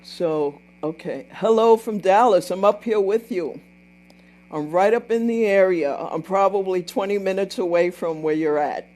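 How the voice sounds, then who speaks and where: An older woman hosts a casual livestream, telling a story in a chatty way while repeating herself and pausing to thank and answer viewers. Her medium-pitched voice has a dark tone and a normal pace.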